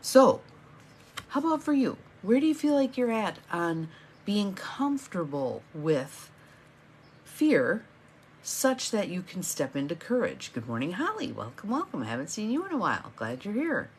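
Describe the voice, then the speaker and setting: A woman's voice: medium pitch, big pitch swings, a little slow, a little hiss or hum. A middle-aged woman hosting a live morning coaching stream, chatty and encouraging, greeting viewers by name as they join.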